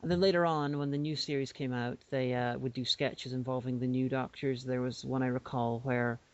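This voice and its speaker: A man's voice: medium pitch, steady tone, normal speed, dry recording. A man co-hosting a podcast, explaining things in a rambling casual way with many restarts. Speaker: podcast co-host. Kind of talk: casual chat. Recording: dull lo-fi podcast audio.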